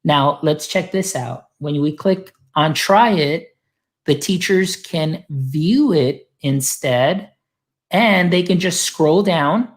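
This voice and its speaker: Chatty guy demoing software for teachers, upbeat, lots of "go ahead" and "so". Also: on the high side, slow. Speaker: guest demonstrating software; educator supporting teachers. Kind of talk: casual screen-share tutorial.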